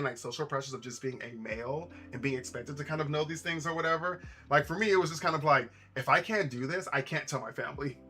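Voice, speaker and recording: Bright-voiced young man chatting to his stream. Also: mid-range voice. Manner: chatty, animated, talks to chat. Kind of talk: casual live-stream chat while building. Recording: faint music playlist behind.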